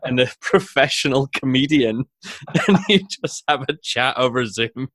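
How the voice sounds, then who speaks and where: A man's voice: medium pitch, animated, no echo. Raised man, dry close sound. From Shetland. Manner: chuckling, warm-humoured, quick to laugh along. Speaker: podcast co-host, mental health nurse. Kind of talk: casual chat.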